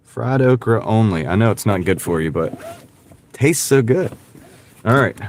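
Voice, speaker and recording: A man's voice: on the low side, lively intonation, a little fast, a little hiss or hum. Chatty man with a light Southern accent. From American South. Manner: rambling, chatty, reads and answers viewer comments. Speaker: delivery driver livestreamer. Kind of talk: casual livestream chat while driving. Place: in a car. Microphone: wireless clip-on mic.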